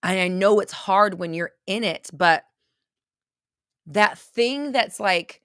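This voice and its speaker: A woman with a mid-range, fairly bright, clean voice speaks slowly, recorded in a clean studio with no room sound. She's hosting an unscripted livestream and answering viewer questions, blunt and intense, repeating phrases to drive her points home.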